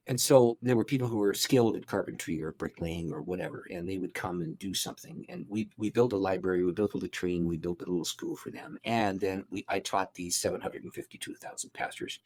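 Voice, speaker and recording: A middle-aged man, a pastor, telling a long story in an interview in an animated way, often restarting his sentences. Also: lowish voice.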